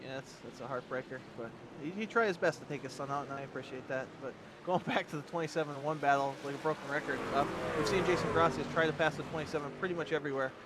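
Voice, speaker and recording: A man offers joking, excitable color commentary on a race, talking very fast. His voice is a little high. Steady background noise sits clearly under the recording. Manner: joking, rapid, excitable banter.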